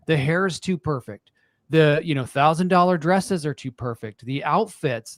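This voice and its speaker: A man's voice: a little high, no echo, clean studio sound. A man in his forties, a podcast guest in casual chat, talking earnestly and emphatically and repeating himself.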